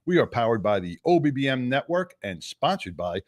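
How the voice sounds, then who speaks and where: A man's voice: medium pitch, very animated, brisk, dry recording. Man, radio host, laid-back, casual chat, dry studio mic. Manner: laid-back, says "man" a lot, laughs easily.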